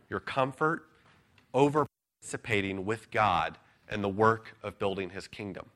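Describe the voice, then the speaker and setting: A man preaching an earnest, measured expository sermon, pausing now and then with an "uh". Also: medium pitch, pushed and bright. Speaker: pastor.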